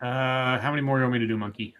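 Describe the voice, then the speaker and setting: A man's voice: medium pitch, steady tone, racing, a bit bright. A man co-hosting a stream, reading an article aloud with sarcastic asides.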